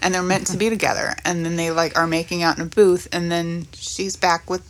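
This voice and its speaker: Woman podcaster, slightly low voice, laid back, running through a cast list. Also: level tone, brisk, a little hiss or hum. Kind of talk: casual chat.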